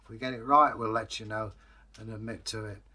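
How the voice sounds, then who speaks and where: A man hosting a storytelling channel, telling a folktale and then chatting to viewers in a rambling, friendly way with pauses. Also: fairly low pitch, steady tone, bright, forceful tone. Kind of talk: folktale storytelling, casual sign-off.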